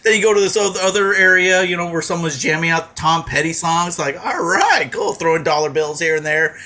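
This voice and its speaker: A man co-hosting a podcast, telling a funny story in a casual, profane way and shouting out the lines he quotes. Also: on the high side, little pitch movement, a little fast. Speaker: podcast co-host.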